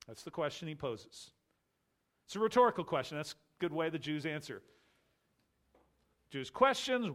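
A man preaching an expository sermon, emphatic and rhetorical, swinging between loud declarations and quiet asides. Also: on the high side, sing-song, normal speed, long pauses.

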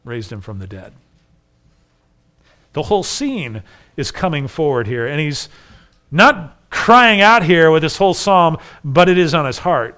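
A man delivers a sermon in a smooth, resonant voice pitched a little above the usual male range. He reads scripture aloud and explains it, building to emphatic declarations. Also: lively intonation, normal speed, pushed and bright. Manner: expository preaching, reading scripture aloud, rising to emphatic declarations. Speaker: preacher.

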